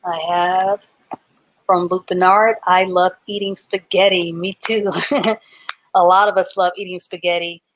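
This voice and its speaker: A woman's voice: on the low side, level tone, measured pace, slight background noise. A woman teaching a live online reading class, patiently sounding out words letter by letter and syllable by syllable.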